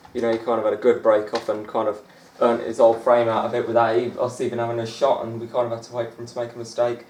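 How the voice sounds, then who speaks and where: A man's voice: fairly low pitch, darkish tone, roomy sound, a little hiss or hum. A man giving rambling, chatty commentary over a snooker video game and amusing himself along the way. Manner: rambling, chatty, self-amused, lots of fillers. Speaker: gaming channel host.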